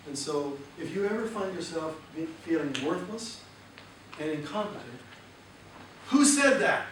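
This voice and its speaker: A man speaking as a motivational seminar speaker in a lively way and asking the audience questions. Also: a little high, a little slow. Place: large hall with audience. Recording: echoey hall, distant mic, noisy.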